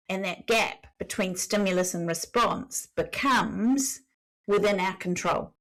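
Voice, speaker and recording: A woman's voice: medium pitch, rough recording. A woman leadership coach answering podcast questions in an earnest, explanatory way, repeating key phrases and speaking frankly. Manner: blunt, frank wording.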